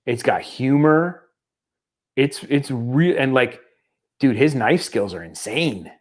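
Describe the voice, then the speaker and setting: A middle-aged man chatting on a podcast with an average-pitched voice. He tells stories at length and wanders into tangents. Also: slow. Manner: animated storyteller, slips into mock accents. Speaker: podcast co-host. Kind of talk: casual chat.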